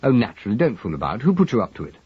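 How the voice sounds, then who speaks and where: A man voicing a wry English gentleman detective in a dry, understated way, on a dull lo-fi recording. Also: mid-range voice, huge pitch swings, rapid-fire, slightly rough, no echo, pitched above the performer's own voice, heavily acted.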